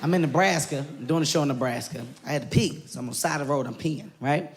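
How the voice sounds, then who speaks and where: High-voiced man doing loud stand-up. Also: fast. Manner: animated, loud, often laughing while telling. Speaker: stand-up comedian. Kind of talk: stand-up comedy story. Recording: live show with loud crowd laughter. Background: loud audience laughter and noise.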